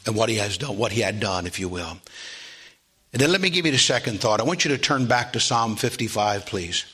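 Bright-voiced preacher man building to a shout. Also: lively intonation, husky. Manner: builds to loud, high, drawn-out preaching with call-and-response; asks the congregation for amens. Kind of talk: sermon.

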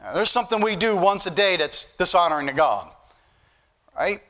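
Bright-voiced folksy preacher. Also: male voice, high voice, sing-song, moderate pace. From northern United States. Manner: folksy, joking asides, building to emphatic preaching. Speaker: pastor. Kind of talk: sermon.

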